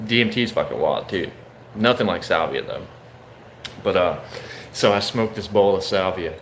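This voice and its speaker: A man's voice: sits low, moderate pace, slight background noise. A young man casually telling a story, loose and profane, saying bro often.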